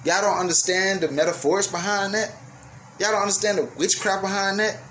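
Heated, high-pitched man ranting profanely. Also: fairly even intonation, brisk, a little hiss or hum. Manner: profane, heated, swings from yelling to apologetic. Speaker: radio show host. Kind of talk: ranting monologue.

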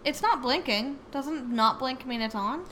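A young adult woman co-hosting a podcast, relaxed, reading facts with dry asides. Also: sits high, a little slow, a little hiss or hum. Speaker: podcast co-host. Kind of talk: casual chat.

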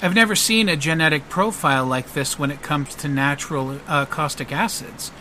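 A man voicing a bubbly, cheerful woman doctor who talks in a high, eager voice. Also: normal speed, bright, forceful tone, slight background noise. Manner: chirpy and eager, high-pitched.

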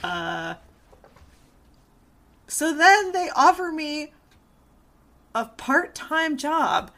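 A young woman chatting casually, with a bright and fairly high voice. Her pitch swings widely as she acts out what people said, dropping in swear words freely. The talk is loose and animated. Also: extremely slow, vocal fry. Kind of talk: casual chat.

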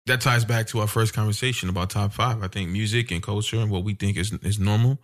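Halting, thoughtful man in podcast chat. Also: fairly low pitch, fairly even intonation. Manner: halting, repeats words when thinking. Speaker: podcast co-host.

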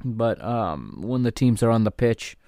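Male podcast host, mid pitch, relaxed running commentary, dry close sound. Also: measured pace, creaky, no room sound. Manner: chatty, easygoing, corrects himself mid-sentence. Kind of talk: casual match watchalong commentary.

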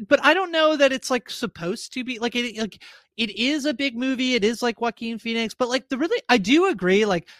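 Casting note: woman co-host, rambling casual reviewer, fillers galore, bright high register. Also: dry recording, studio quality. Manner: rambling, heavy use of "like" and fillers. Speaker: podcast co-host. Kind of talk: casual movie review chat.

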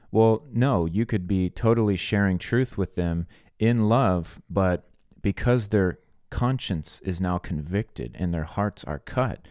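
A man's voice: deep voice, darkish tone, no echo, studio quality. A man hosting a faith podcast, preaching earnestly in plain words and acting out conversations. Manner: earnest, plain-spoken, acts out quoted dialogue. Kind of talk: sermon-style podcast teaching.

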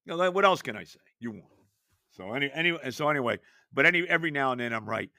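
Man, older, podcast host, emphatic, rhetorical questions, bright tense voice, dry close sound. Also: mid-range voice, animated, fast, no echo. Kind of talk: casual sports talk.

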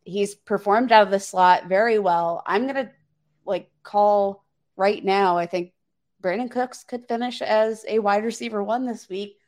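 A woman's voice: mid-range voice, a little slow, darkish tone. A woman co-hosting a sports podcast, breaking down a matchup in a chatty, upbeat way with lots of fillers. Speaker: podcast co-host. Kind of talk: casual fantasy football chat.

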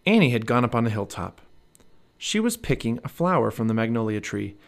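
Male storybook narrator, mid-range voice, highly expressive read-aloud. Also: a little fast, creaky. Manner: expressive and animated.

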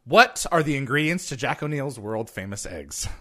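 A bright, animated voice hosts an online trivia round over a video call. The quizmaster sounds upbeat, reads out submitted questions and laughs easily between answers. The pitch swings widely from word to word. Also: moderate pace. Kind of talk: live online trivia show hosting.

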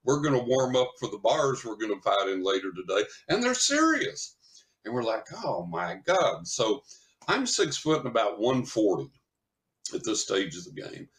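An older man, a psychic medium guest, telling a story in casual chat, lively and chuckling as he acts out what people said. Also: on the low side, normal speed. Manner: animated anecdotal storytelling, chuckles often, acts out quotes.

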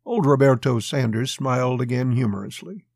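Husky male audiobook narrator. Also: mid-range voice, moderate pace, dry recording, clean studio sound. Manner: steady storytelling. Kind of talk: scripted western narration.

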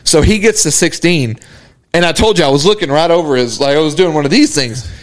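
A man's voice: a little high, fairly quick. A man co-hosting a podcast, telling a story in casual chat, laughing and swearing freely. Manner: animated, laughs hard while telling stories, swears. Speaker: podcast co-host.

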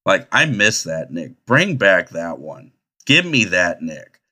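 Male podcast host, low voice with a bright edge, profane and rambling. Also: sing-song, takes it slowly. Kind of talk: crude casual chat.

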